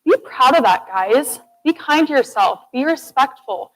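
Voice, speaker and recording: A young woman with a slightly high voice gives a student TED-style talk. She speaks earnestly and encourages the audience directly. She sounds like a presenter in front of a class. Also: animated, measured pace, a bit bright, poor audio. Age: young adult. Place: classroom or lecture hall.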